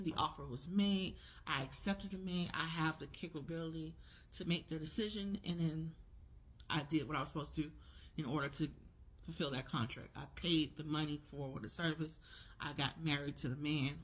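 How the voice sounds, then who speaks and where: A woman in her forties talks emphatically in a casual opinion vlog, repeating her key words. Her voice is lowish with a breathy edge.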